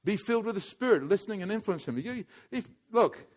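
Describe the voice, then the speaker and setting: Casting: male preacher, high-pitched, emphatic sermon with hushed and loud stretches. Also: animated, brisk. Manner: wide swings from hushed to loud, emphatic repetition.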